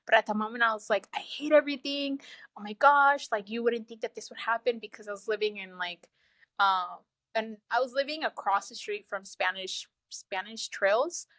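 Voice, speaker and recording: A woman's voice: normal speed, no echo. Laughing woman, dry-sounding voice. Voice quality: low, flat-sounding voice she calls sad over the phone. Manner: animated, laughs often, acts out her own thoughts. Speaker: guest telling her story. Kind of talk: casual storytelling.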